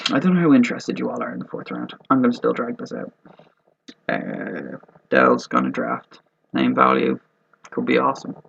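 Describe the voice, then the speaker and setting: A man's voice: medium pitch, gravelly, slightly rough. A man hosting casual fantasy football commentary in a joking, rambling and profane way. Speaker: host of a fantasy football mock draft video. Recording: dull lo-fi recording.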